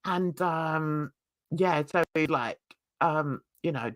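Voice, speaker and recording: An older woman from England hosting a casual livestream chat, laughing a lot and jumping into excited high squeals. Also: slow, no room sound, studio quality. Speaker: host. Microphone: video call.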